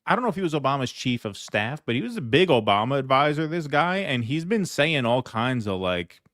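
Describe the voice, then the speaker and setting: A man co-hosting a casual political commentary stream, chatting and chiming in with quick agreement. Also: medium pitch, big pitch swings, a bit bright, dry recording, clean studio sound. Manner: chatty, brief agreements and laughs.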